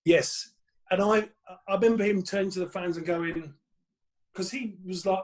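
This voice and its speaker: A middle-aged English comedian, a podcast guest, telling lively stories and acting out voices. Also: male voice, high voice, moderate pace. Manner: lively, acts out voices and laughs mid-story. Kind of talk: animated storytelling.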